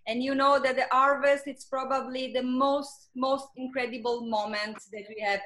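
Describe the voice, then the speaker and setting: A woman's voice: high-pitched, fairly even intonation, moderate pace, fairly bright tone. Sicilian woman with an Italian accent. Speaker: winery estate manager. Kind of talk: casual video-call chat.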